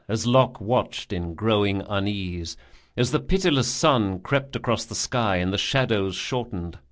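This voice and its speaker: Man reading a dark fantasy audiobook, steady and serious. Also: medium pitch. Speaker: audiobook narrator. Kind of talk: scripted fantasy narration.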